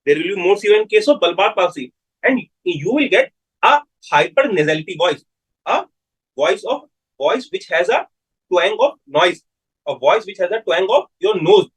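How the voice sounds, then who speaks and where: A man's voice: high-pitched, lively intonation, moderate pace, breathy edge, poor audio. A man with an Indian English accent giving a live medical lecture, repeating key terms and putting questions to his students.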